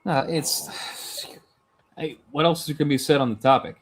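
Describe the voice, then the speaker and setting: A man's voice: fairly high pitch, fairly even intonation, brisk. A man co-hosting a boxing talk stream, making dry, wry remarks. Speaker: co-host. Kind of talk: casual chat.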